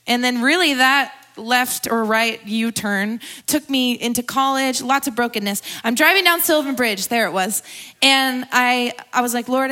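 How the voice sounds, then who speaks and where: Casting: young woman, bright, slightly high voice, candid conversational testimony sermon. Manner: candid, conversational, laughs often, tearful at times. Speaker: guest speaker at a church gathering.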